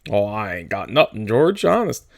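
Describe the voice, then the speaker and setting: A man voicing a big, slow, childlike male farmhand who talks eagerly and stammers. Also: fairly low pitch, sing-song, gravelly, no echo, clean studio sound. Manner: eager, stammering, simple-minded.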